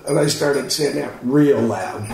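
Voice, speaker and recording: A man's voice: mid-range voice, a little slow, vocal fry, darkish tone. Man telling his story in an echoey room. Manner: rambling, repeats himself, plain-spoken. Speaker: witness giving a statement. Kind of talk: casual spoken account. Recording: heavy echo, faint background noise.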